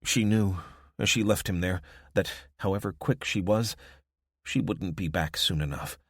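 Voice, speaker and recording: A man reads an audiobook in a very low, steady voice. His telling is even and measured. The sound is dry and close with no room around it. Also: no echo. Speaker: audiobook narrator. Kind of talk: scripted narration.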